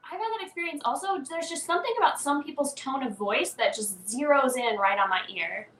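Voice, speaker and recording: A woman competitor talking in a chatty, animated way and laughing easily. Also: high-pitched, fairly quick. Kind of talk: casual chat. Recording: echoey, distant mic with faint ambience.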